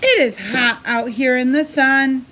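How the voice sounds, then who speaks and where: A woman preschool teacher reading a picture book aloud to young children in a sing-song storybook manner, pausing to ask the kids questions. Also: high voice, pushed and bright, slight background noise.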